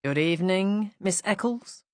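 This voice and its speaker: A woman voicing a male police inspector who speaks calmly and politely, with a measured, quietly skeptical edge. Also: medium pitch, no room sound. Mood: calm, probing.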